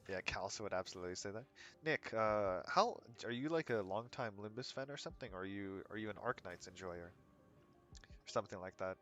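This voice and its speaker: A man's voice: lowish voice, lively intonation, fairly quick, fairly bright tone, faint music behind. An American man streaming a game, chatting in a rambling, laid-back way and answering his chat with frequent chuckles. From United States. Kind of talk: casual chat while gaming.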